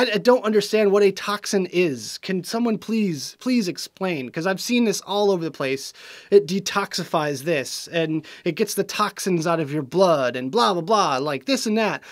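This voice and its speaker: A man's voice: sits high, no room sound, clean studio sound. A young man hosting a vape show, ranting with frustration and sarcasm about a news report as he reads it aloud. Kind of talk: casual video commentary.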